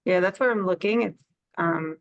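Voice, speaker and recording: A woman with a gravelly, creaky voice, flustered and unsure with the technology. She joins a workshop over a video call, on dry, thin call audio with no room sound. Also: fairly low pitch, moderate pace, no room sound, dull audio. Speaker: workshop participant.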